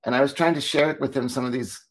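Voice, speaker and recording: A man, a former teacher co-hosting a talk show, telling stories in a lively, casual way and acting out what people said. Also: medium pitch, quick pace. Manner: animated, acts out quoted dialogue. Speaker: podcast co-host, former teacher. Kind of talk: casual storytelling chat.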